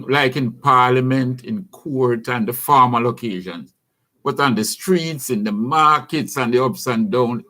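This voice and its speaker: A middle-aged man with a Jamaican accent, hosting a radio show and telling a story to his listeners in a lively, conversational way. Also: mid-range voice. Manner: storytelling, lively, addresses listeners as brothers and sisters. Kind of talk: casual radio monologue.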